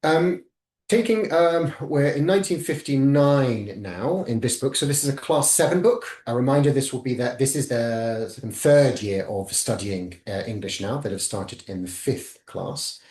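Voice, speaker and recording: A man's voice: medium pitch, lively intonation, normal speed, darkish tone, echoey room. A man giving an academic webinar talk, methodically walking listeners through slides. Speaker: webinar presenter.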